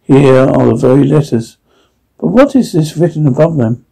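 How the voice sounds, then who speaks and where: A man voicing a stubborn, scoffing older gentleman in a storybook reading, dropping his voice low and muttering dismissively. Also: normal speed, vocal fry, husky, poor audio.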